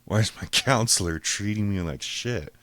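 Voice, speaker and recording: A man's voice: lowish voice, moderate pace, no room sound. A man hosting a podcast, telling a story casually and full of swearing, acting out the quotes of each person. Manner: profane, animated retelling, acts out quotes. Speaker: podcast host.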